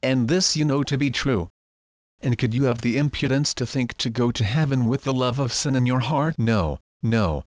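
A man's voice: mid-range voice, no echo, lightly acted. A man voicing a scornful male devil who lectures a damned soul in a stern, accusing read, recorded dry and close. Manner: stern, accusing, measured reading. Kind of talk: audiobook reading.

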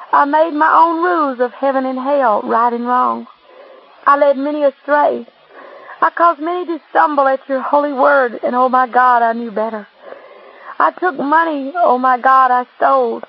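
A woman's voice: high voice, moderate pace, vocal fry. A woman reading as a damned man pleading for mercy. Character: damned adult man pleading and repenting in hell. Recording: dull lo-fi recording.

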